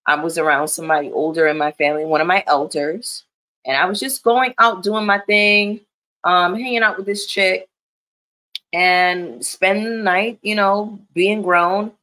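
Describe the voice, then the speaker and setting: A woman's voice: fairly low pitch, pushed and bright. A woman in her thirties chatting casually and candidly as a commentary vlogger, emphatic and profane. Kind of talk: casual chat.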